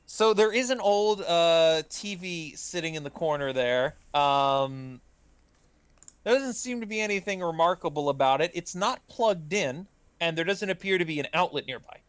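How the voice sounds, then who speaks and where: Smooth-voiced male game master, hesitant. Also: fairly high pitch, expressive, normal speed, no echo. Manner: hesitant, full of ums and uhs. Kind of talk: narrating a tabletop game.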